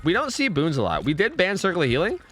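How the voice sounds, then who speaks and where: Animated young man chatting on stream. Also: high-pitched, fast talker, slight background noise. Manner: rambling, swears casually, chats with viewers. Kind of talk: casual game-stream chat.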